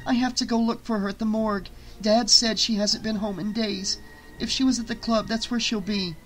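Guy doing a scared young woman, high and urgent, pleading. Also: steady tone, normal speed, soft background music, natural voice, low-quality recording. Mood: urgent distressed. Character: frightened young woman in crisis.

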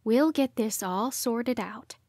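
A woman voicing a caring, puzzled middle-aged mother who asks gentle, worried questions. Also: on the high side, slow pace, slightly rough, dry recording, clean studio sound, full character voice.

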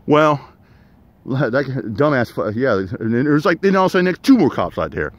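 A man's voice: a little high, sing-song, a little fast, dry recording. A middle-aged man telling a story in a casual rant, profane and rambling, with lots of fillers and restarts.

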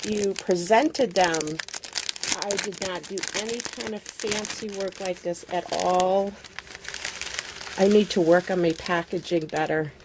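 A woman vlogger unboxing a craft swap package in casual chat, gushing over each item with excited exclamations. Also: on the low side, a little slow, noisy background.

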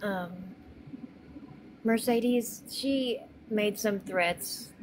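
A woman calmly explaining her view while chatting on a live stream. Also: on the high side, extremely slow, noisy background. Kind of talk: casual live-stream chat.

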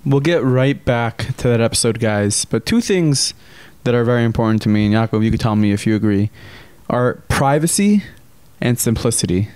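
A man's voice: medium pitch, normal speed, a little mellow, clear, resonant tone, dry recording. A man co-hosting a casual podcast, bantering with a guest and reading an ad in an upbeat way. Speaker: podcast co-host. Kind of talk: casual podcast chat and live ad read.

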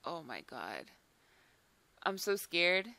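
Excitable young woman gaming host. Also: fairly low pitch, slow pace. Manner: excitable, swears a lot, says "like" often. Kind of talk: casual gameplay chat.

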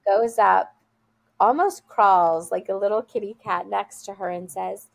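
A woman's voice: medium pitch, steady tone, unhurried, creaky. A woman school leader, a guest on an interview show, telling a heartfelt story in an earnest, conversational way over a video call. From USA.

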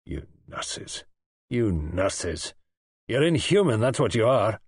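A man's voice: lowish voice, expressive, moderate pace, a little mellow, breathy edge, no echo, clean studio sound. A man playing a bitter, bad-tempered patient. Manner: curt, indignant, contemptuous.

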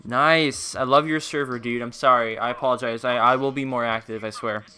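Bright, upbeat young male streamer. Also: medium pitch, fairly even intonation, fairly quick, slight background noise. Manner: upbeat and playful, greeting viewers by name. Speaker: game streamer. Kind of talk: casual live-stream chat while gaming.

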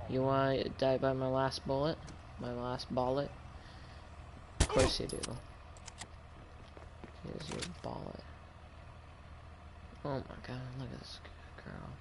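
A man's voice: medium pitch, sing-song, takes it slowly, creaky, pauses often. Male gamer, playful running commentary, heavy game noise behind. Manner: joking, talks to game characters. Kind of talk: casual gameplay commentary.

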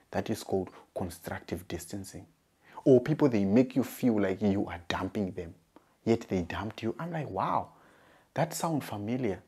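A man doing stand-up comedy, telling deadpan stories that build to punchlines. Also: lowish voice, slightly rough. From Zimbabwe.

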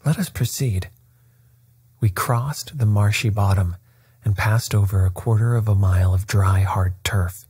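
A man narrating a classic story at bedtime with a soft, steady, soothing delivery. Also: lowish voice, unhurried, breathy edge, no room sound.

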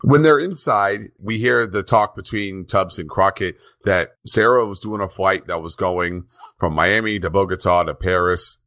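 A man co-hosting a podcast, briskly retelling a TV episode in casual chat and laughing often. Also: low voice, a bit bright, no echo. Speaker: podcast co-host.

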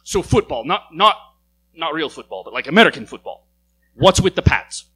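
A man voicing a puzzled Irish pub-goer who quizzes an American, loud and incredulous, higher than his own voice. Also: sing-song, normal speed, breathy edge, exaggerated voice, low-quality recording.

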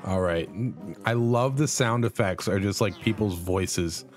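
A man hosting a casual let's play, commenting on a silly game and jumping into high excited yelps. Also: measured pace, soft background music. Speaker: gaming channel host.

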